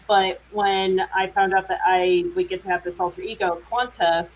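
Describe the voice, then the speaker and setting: A woman's voice: mid-range voice, little pitch movement, moderate pace. Chatty woman actress, lo-fi. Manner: chatty, with many fillers and restarts. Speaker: guest actress. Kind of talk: casual interview chat. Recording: dull lo-fi audio with faint hiss.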